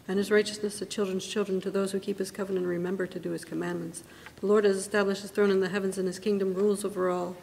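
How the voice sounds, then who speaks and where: A woman serving as liturgical reader, reciting psalms in a brisk, even manner at a church service. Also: medium pitch, gravelly. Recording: long church reverb with faint background noise.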